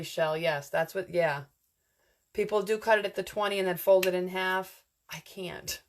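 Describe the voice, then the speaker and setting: Chatty woman teaching wreath making, low voice. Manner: chatty, rambling, answers viewers' comments as she works. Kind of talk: casual live craft tutorial.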